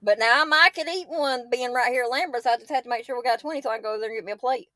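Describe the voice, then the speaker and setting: A woman's voice: a little high, very fast, sharp tone. A woman from southeast Georgia with a Southern accent, joking in a folksy way during a casual chat.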